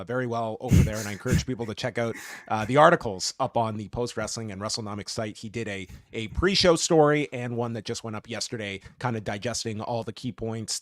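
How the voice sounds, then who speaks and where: A man's voice: medium pitch, no room sound, clean studio sound. A man co-hosting a podcast, chatting casually with a wry, joking manner as he wraps up segments. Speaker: podcast co-host.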